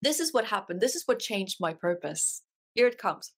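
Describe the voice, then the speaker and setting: A woman's voice: mid-range voice, sing-song, normal speed. A woman, an author and life coach, telling her personal story as a guest in an interview, earnest and emotional, and she repeats phrases for emphasis.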